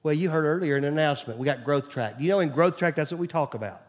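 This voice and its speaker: A man's voice: a little high, quick pace. A man, preaching a sermon as pastor in a conversational way, sometimes dropping to a near-whisper. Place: church stage.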